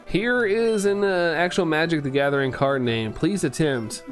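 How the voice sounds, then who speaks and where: A man's voice: on the high side, normal speed, faint music behind. Rambling, playful man streamer. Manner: rambling, playful, stumbles over words and laughs at himself. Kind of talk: casual live-stream chat.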